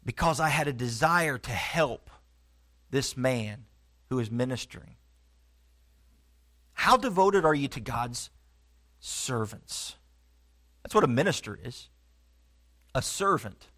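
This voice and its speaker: A middle-aged man preaching a sermon as pastor. He talks earnestly, stumbles through halting restarts, and drops low and soft to stress a point. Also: lively intonation.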